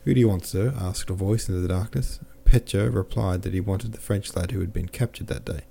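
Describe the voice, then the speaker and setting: A man narrating a classic novel as an audiobook in a steady, measured reading. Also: sits low, gravelly, slightly rough. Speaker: audiobook narrator and podcast host.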